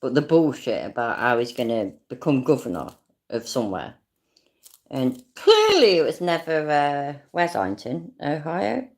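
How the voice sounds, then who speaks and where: A British woman talks through a clip in loose, rambling commentary, sarcastic and quick to swear. Her voice sits low and gravelly, with a lively pitch that swings up and down as she goes. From not American. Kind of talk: casual commentary.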